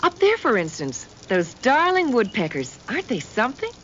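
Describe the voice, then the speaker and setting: A woman's voice: a little high, huge pitch swings, normal speed, fairly bright tone. An actress playing a prim teacher who leads girls on a nature outing, in a chirpy tour-guide manner, in a 1970s film comedy. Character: prim adult female teacher leading girls. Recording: dull old film audio, faint hiss.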